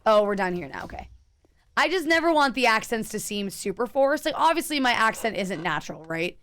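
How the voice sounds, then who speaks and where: A woman's voice: a little high, sing-song, fairly quick, fairly bright tone. A young woman streaming a game, chatting casually and answering her viewers as she plays. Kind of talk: casual live-stream chat while gaming.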